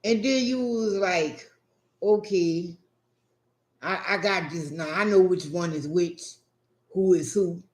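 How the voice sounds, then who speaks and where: High-pitched guy ranting slow about some twins, lots of cussing, echoey room. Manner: profane, animated, acts out quotes. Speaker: vlogger. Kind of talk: casual storytelling rant.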